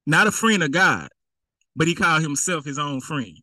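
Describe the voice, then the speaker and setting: A man's voice: on the high side, bright, forceful tone, dry recording, rough recording. A man preaching a conversational sermon to his congregation, playfully acting out a rich man in casual slang and laughing along with his own jokes.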